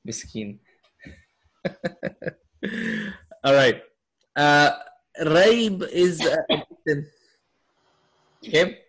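A man's voice: on the high side, sing-song, extremely slow, pauses often, a bit bright, slightly rough. A man teaching a class on Quranic Arabic, quizzing his students and laughing often. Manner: asks students questions, upbeat with laughs. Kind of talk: classroom lesson.

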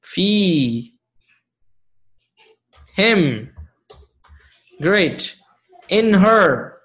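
A man's voice: sits high, sing-song, extremely slow, fairly bright tone. A man teaching Arabic grammar to a live class, patient, often checking whether students follow.

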